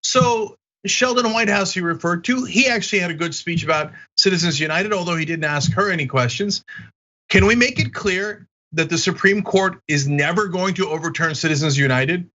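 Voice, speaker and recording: Combative, bright-voiced male commentator. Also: high-pitched, moderate pace, dull audio. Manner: combative, mocking, animated. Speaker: political commentary host. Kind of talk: opinionated political commentary.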